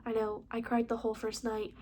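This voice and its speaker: A woman's voice: fairly high pitch, completely flat delivery, brisk, darkish tone, slight background noise, close to an everyday voice. A woman reading the lines of a sweet, perky country teenage girl in an audiobook, in a friendly, eager manner. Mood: gentle.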